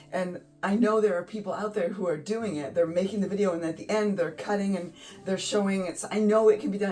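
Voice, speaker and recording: A woman's voice: lowish voice, darkish tone, far from the mic, low-quality recording. A woman in her fifties hosting her art channel, giggly and effusive, close to tears and laughing often. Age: 50s. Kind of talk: casual vlog chat. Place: home art studio. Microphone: phone.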